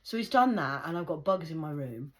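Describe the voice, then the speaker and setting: A woman's voice: low-pitched, lively intonation, a little fast, rough recording. A woman ranting sarcastically to her viewers in a heated, repetitive monologue. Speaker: vlogger.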